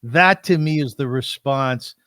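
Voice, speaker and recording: A man's voice: medium pitch, unhurried, fairly bright tone, clean tone, no room sound. Guy hosting a talk show, chatty and laughs a lot, dry room. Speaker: host. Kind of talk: casual interview talk.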